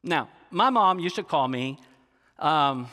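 A pastor preaching a sermon in an earnest, confessional way, often asking the congregation questions. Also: male voice, a little high, animated, slow pace, bright, forceful tone, big-room sound. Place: large church sanctuary.

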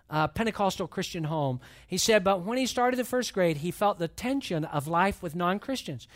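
A man's voice: sits high, fairly bright tone. A man preaching a sermon as pastor, reading and retelling a story with rising, emphatic intensity. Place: church.

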